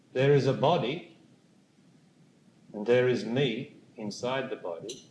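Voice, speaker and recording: Slow, lively-pitched man in an echoey hall. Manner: slow, deliberate, questioning the audience. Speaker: spiritual teacher. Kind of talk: live talk to an audience. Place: hall with a live audience. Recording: echoey room with faint noise.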